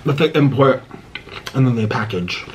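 Eating on camera, an American man chats with viewers in a rambling, self-interrupting way typical of his mukbang vlog. His medium-pitched voice is animated at a normal speed, against heavy background noise.

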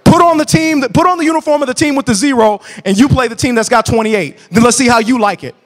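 Very high-voiced preaching man. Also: fast. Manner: animated, preachy, colloquial, bursts into shouts. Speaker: church marriage class teacher. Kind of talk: preaching to a class. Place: church classroom.

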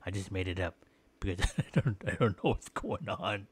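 A man's voice: sits low, moderate pace, husky. A man giving casual gameplay commentary with playful, goofy mock trash talk.

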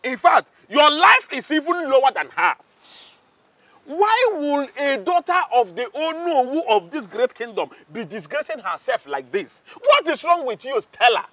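A Nigerian actor playing an arrogant, mocking palace security chief who shouts insults. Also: male voice, sing-song, unhurried, no room sound, exaggerated voice. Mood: taunting. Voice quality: high, bright, shouting and mocking. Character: arrogant loud-mouthed male palace guard. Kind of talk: Nollywood drama acting.

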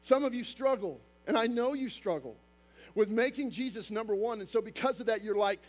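A male pastor preaching a sermon, talking fast and emphatic, with casual asides to the congregation. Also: sits high, animated, soft background music.

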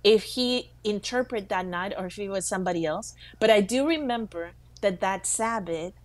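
A woman co-hosting a faith talk show, telling a story with lively quoted voices. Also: medium pitch, moderate pace, dry recording. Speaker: co-host.

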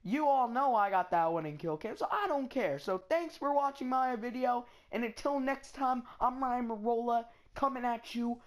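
A man giving excitable, slangy, trash-talking commentary over his gameplay. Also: very high-pitched, moderate pace, few pauses. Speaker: gamer. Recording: loud gunfire from the game behind. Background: game gunfire and effects.

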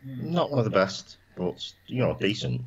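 A man's voice: lowish voice, huge pitch swings, moderate pace, highs cut off. A man co-hosting a casual live stream, chatting in a laid-back, teasing way. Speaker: co-host.

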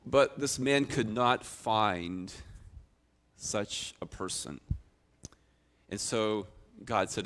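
A middle-aged man, a pastor, preaching a sermon with expressive storytelling that swings from loud to quiet. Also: on the low side, extremely slow, pauses often.

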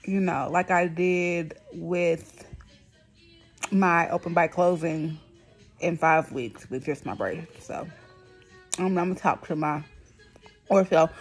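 A woman's voice: lowish voice, a little slow, slightly rough, faint music behind. A woman vlogging casually, frustrated and blunt, her speech thick and lisping from a new palatal expander. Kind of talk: casual venting to camera.

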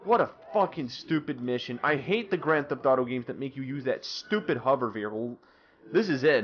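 A man's voice: medium pitch, lo-fi sound. A young man swearing and ranting in exasperation as he comments on his own gameplay. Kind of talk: let's-play commentary.

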